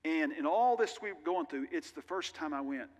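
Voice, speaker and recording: A man preaches at normal speed in an expressive, slightly high voice. This pastor's sermon is earnest and conversational, laced with candid personal asides, and the church sanctuary adds the long reverb of a big hall.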